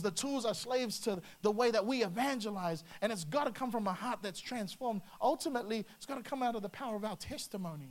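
A preacher giving an energetic, conversational sermon, with frequent restarts and acted asides. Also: mid-range voice. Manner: lively, slips into acted quotes, many restarts.

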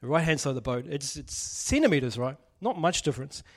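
A man's voice: fairly high pitch, animated, brisk. A man preaching a casual sermon, joking and putting questions to the congregation. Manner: chatty, jokey, asks the audience questions.

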